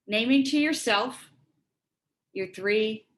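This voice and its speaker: A woman's voice: fairly high pitch, slow, low-quality recording. Earnest woman giving a workshop talk. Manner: earnest, reflective, acts out quoted dialogue. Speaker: speaker on resilience and relationships.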